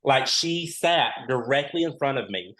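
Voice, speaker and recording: At a moderate pace and medium pitch, a man who competed on a reality show chats casually as a podcast guest, an animated storyteller who voices the dialogue in his anecdotes.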